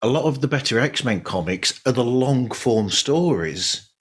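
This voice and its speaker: A man hosting a podcast, chatting in a relaxed, rambling way. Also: mid-range voice, unhurried, slightly rough. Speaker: podcast host. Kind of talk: casual podcast chat.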